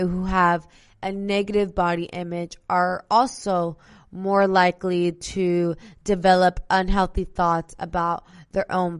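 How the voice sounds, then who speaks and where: Young woman doing a solo health podcast, smooth clear voice, chatty, talks right to the listeners. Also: lowish voice. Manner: chatty, addresses listeners directly, sarcastic asides. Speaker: podcast host. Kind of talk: casual solo podcast talk.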